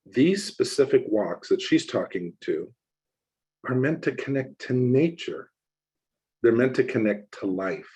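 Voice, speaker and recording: Husky-voiced man telling a sermon story. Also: medium pitch, a little slow, poor audio. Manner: conversational, animated storytelling with quoted voices. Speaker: minister.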